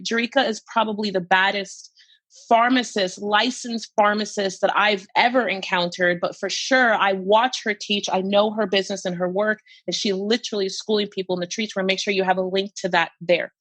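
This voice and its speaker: A woman's voice: mid-range voice, fairly even intonation, a little fast, fairly bright tone, no echo. A woman hosting a podcast, talking in an emphatic, gushing way and repeating her phrases. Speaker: podcast host. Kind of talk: casual podcast chat.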